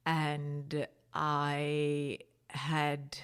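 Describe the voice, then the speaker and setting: Woman guest from South Africa, low voice, conversational testimony, emotional. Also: completely flat delivery, very slow, clear, resonant tone. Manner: emotional, rising pitch when recounting prayer. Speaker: podcast guest.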